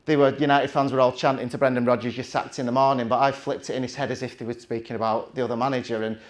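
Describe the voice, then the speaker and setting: A man's voice: mid-range voice, level tone, quick pace. A man, telling a chatty, self-mocking story from the stage with plenty of restarts. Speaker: conference speaker.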